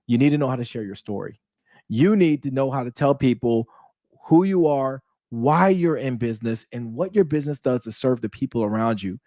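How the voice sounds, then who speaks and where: An energetic man speaks straight to his viewers like a business coach, telling his own story in a loose, conversational way. His voice sits in an ordinary middle pitch. The sound is dry and close, with no room echo. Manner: energetic, storytelling, addresses viewers as "you guys". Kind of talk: casual talk to camera.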